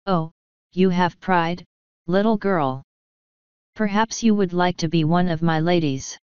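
A woman's voice: lowish voice, unhurried, a little mellow, clean tone, no room sound, dull audio, natural voice. A woman voicing a lazy, seductive male elf king who talks in a languid, mocking purr.

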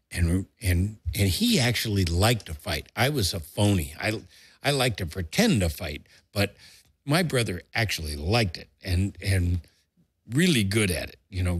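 A husky older man with a low-sitting voice spins a yarn to a relative on a dry recording. This storyteller guest is lively, acting out quotes in a raised voice and cursing freely in the casual anecdote.

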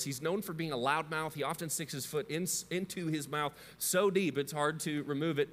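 A man's voice: a little high, a bit bright. A man in his thirties with a Midwest American accent, preaching a sermon in a chatty, questioning way. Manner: conversational, asks the audience questions. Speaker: pastor. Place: church sanctuary. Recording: long hall reverb.

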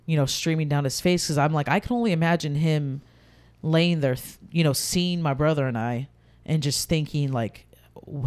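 A woman's voice: low voice, a little mellow. A woman speaking as a podcast guest, talking candidly and heartfelt about grief, rambling with frequent restarts.

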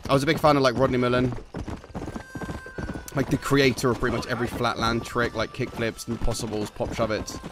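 A man's voice: medium pitch, level tone, a little fast. A young man chatting casually as a streamer, swearing and laughing easily. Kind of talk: casual let's-play chat. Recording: voice over noisy game audio.

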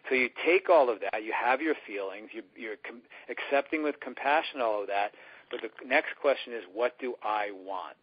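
His medium-pitched voice moves briskly with lively intonation and a breathy edge. Speaking as a sincere spiritual teacher in a conversational radio interview on a dull lo-fi recording, he keeps acting out the inner voices he talks about.

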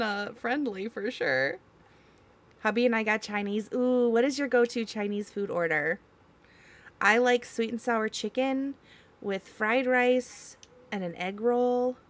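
A young woman streamer, reading chat aloud and giggling in casual talk. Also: on the high side.

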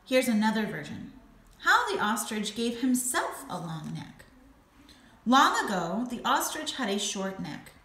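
A woman teacher reading a storybook aloud to her class, slow and expressive. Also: fairly high pitch. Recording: echoey room with faint noise.

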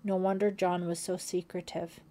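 Mellow woman narrating an audiobook. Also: fairly low pitch, moderate pace, a little hiss or hum. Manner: steady, suspenseful storytelling.

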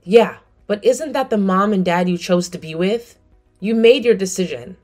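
A woman's voice: mid-range voice, moderate pace, darkish tone, faint music behind. A middle-aged woman narrating her story and speaking coldly and firmly to her family. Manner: cold, firm. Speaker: narrator and mother.

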